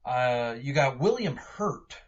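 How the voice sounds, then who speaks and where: A man talks his way through a movie review, stopping and restarting with constant fillers. His voice is husky and mid-pitched. The recording sounds dull and lo-fi. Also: lively intonation, slow pace. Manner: rambling, many "you know" fillers and restarts. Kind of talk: casual spoken review.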